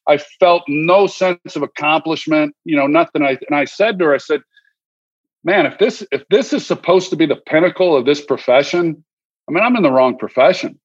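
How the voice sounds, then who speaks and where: A man's voice: fairly high pitch, moderate pace, slightly rough, dull audio. A man in his fifties, a guest on a podcast, telling a story in a reflective, candid way with many restarts and repeated words. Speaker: guest, former quarterback and broadcaster. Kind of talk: relaxed interview storytelling.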